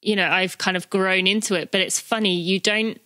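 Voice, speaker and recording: Woman podcast host, mid-pitch, bright tone, dry close mic; casual, rambling chat. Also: moderate pace, no echo. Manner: chatty, filler-heavy, lively quoting. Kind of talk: casual chat between friends.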